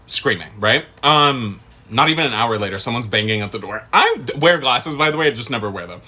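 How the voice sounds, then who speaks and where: A young man from the Middle East tells a casual storytime. His pitch leaps all over as he swears and laughs along. The voice is bright and a little husky. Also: a little fast. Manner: swearing, animated, laughing asides.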